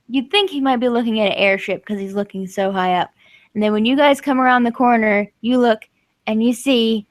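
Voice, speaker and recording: Woman running a tabletop game, kinda high voice, giggly and casual, dry close sound. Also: no echo. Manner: casual, laughing easily, quick asides. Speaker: game master.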